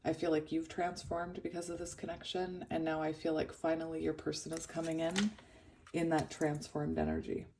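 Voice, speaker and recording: A woman giving a pick-a-card tarot reading, emotional and hesitant, shaky and close to tears, with many pauses and ums. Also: deep voice, dark tone, a little hiss or hum. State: shaky and tearful. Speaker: tarot reader.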